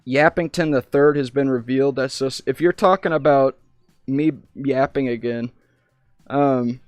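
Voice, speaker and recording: A man's voice: mid-range voice, steady tone, unhurried, clean tone, no room sound, clean studio sound, soft background music. A young American man rambling through stories in casual live-stream chat, often breaking off mid-sentence. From United States. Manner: rambling, self-interrupting storyteller.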